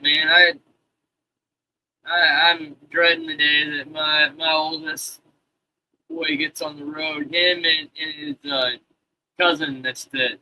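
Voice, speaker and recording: A man's voice: fairly high pitch, bright, forceful tone, rough recording. A man in his thirties, a live streamer rambling in casual chat with heavy swearing and loose, restarting sentences. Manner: profane, rambling, talks to chat.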